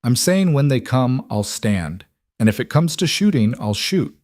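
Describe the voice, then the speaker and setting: A man's voice: mid-range voice, very animated, a little slow, darkish tone, no room sound, clean studio sound, voice pushed up. A man voicing a hardened, grim male rancher and war veteran who speaks in short, clipped lines. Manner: terse, clipped.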